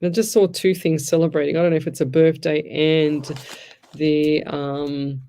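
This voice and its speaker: A middle-aged woman who works as a psychic medium and hosts a radio show chats loosely on a live stream, reading out comments and offering frank advice. Her voice is low and warm, with fairly even intonation and a normal speed.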